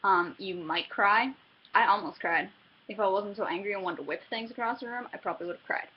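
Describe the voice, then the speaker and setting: A woman's voice: mid-range voice, brisk, muffled recording, slight background noise. A young woman giving a casual book review, chatty and self-interrupting, often laughing between thoughts.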